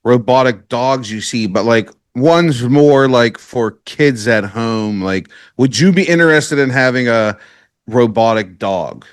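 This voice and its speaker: A man's voice: medium pitch, expressive, measured pace, no room sound, clean studio sound. A man hosting a podcast in casual chat, rambling and laid-back, full of filler words. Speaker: podcast host.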